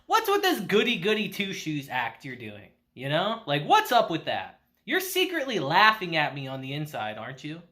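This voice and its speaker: A man doing a quick, only lightly altered voice for a nervous, fiery teenage schoolgirl, whiny and confrontational. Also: on the high side, wildly swooping pitch, pushed and bright, pitched below the performer's own voice, exaggerated voice. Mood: upset.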